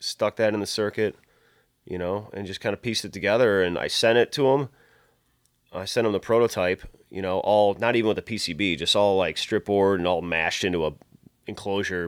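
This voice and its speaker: Low-voiced guy telling gear stories, swears a ton, dry room, bits where he acts out what people said. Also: a little fast, no room sound. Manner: rambling storyteller, heavy swearing, acts out quoted dialogue. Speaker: guitar pedal builder. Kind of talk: casual podcast chat.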